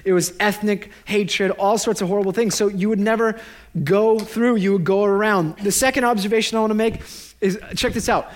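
A man in his thirties, a pastor giving a sermon, joking and animated and laughing at his own lines. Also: sits high, moderate pace.

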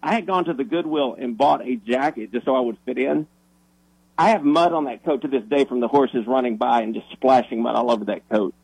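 A man who is a minister, telling a story on the radio in an animated, excitable way, often restarting his sentences. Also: mid-range voice, a little fast, creaky, breathy edge, no echo, rough recording.

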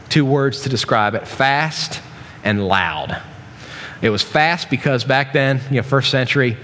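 A man's voice: medium pitch, a bit bright, a little hiss or hum. A man preaching a sermon in a casual, joking way, with many restarts and asides. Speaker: pastor. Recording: long reverb from a large hall.

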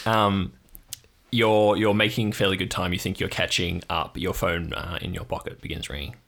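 A man narrating an improvised audio drama as game master in a relaxed, descriptive way. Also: low voice, normal speed, vocal fry.

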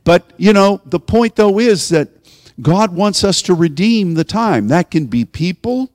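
A male pastor preaching a sermon in a voice a bit higher than most men's. He moves from easy conversational storytelling to emphatic exhortation. His words ring out with a long reverb in a large hall. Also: expressive, unhurried, darkish tone, clean studio sound.

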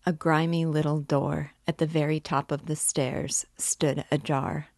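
A woman reads a classic novel aloud in a measured, even manner. Her voice is low and her pace slow and deliberate. The recording is dry and close. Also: creaky, no room sound. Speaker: literature guide and reader. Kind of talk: audiobook narration.

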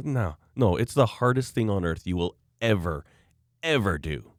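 A man's voice: fairly low pitch, animated, brisk, darkish tone, no echo, studio quality. A man hosting a podcast who talks emphatically and holds firm opinions. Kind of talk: casual podcast chat.

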